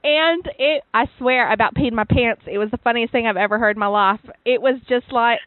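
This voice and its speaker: A woman's voice: on the high side, a little fast, no room sound. A woman co-hosting a podcast in casual chat, bubbly and giggly, with lots of filler words. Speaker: podcast co-host. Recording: dry, phone-like narrow sound.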